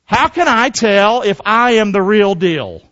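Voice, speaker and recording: A man's voice: sits high, animated, measured pace, a bit bright, lo-fi sound. A middle-aged male pastor preaching a sermon in a call-and-response style, often asking the congregation "amen?".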